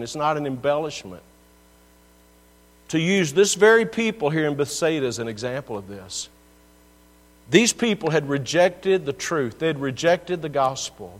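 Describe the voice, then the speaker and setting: Earnest preacher in a reverberant church. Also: male voice, on the high side. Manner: earnest, pleading, rising and falling in intensity. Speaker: pastor. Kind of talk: sermon. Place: church sanctuary. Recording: long reverb with mains hum.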